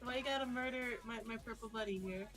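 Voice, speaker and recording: A woman's voice: a little high, quick pace, over music, poor audio. A woman chatting with friends during a game, playfully accusing and teasing them. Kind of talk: casual gaming chat with friends.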